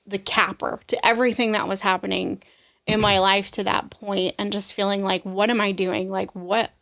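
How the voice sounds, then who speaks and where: A woman's voice: medium pitch, fairly bright tone. Woman, young adult, podcast guest, emotional testimony, acts out voices, says "like" often. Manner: emotional storytelling, acts out quoted voices, frequent "like". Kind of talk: personal testimony in an interview.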